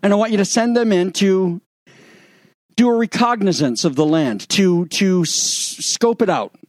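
A middle-aged man preaches with lively, sarcastic energy, acting out the scripture's voices. His voice sits high, and the sound is close and dry. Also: measured pace, no room sound. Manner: animated, sarcastic, acts out the spies' lines. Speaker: pastor. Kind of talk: sermon.

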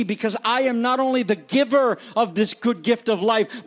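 A man preaching a sermon in an animated, jokey way, often rising and dropping his voice for emphasis. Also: very high-pitched, moderate pace, hardly any pauses. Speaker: pastor.

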